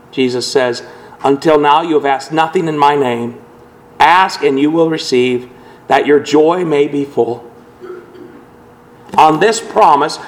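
A man's voice: on the high side, poor audio. A male pastor delivering an earnest sermon, voicing scripture quotations with dramatic emphasis.

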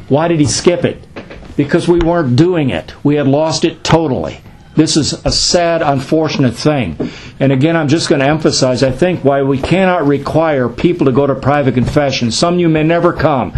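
A man's voice: medium pitch, darkish tone, a little hiss or hum, rough recording. Man pastor teaching a class. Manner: conversational, asks questions and answers them.

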